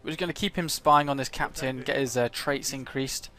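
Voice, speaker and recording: Thinking aloud through his strategy game in casual let's play commentary, a man hesitates a lot and fills the pauses with "uh" and "um." His medium-pitched, everyday voice has a bright, forceful tone.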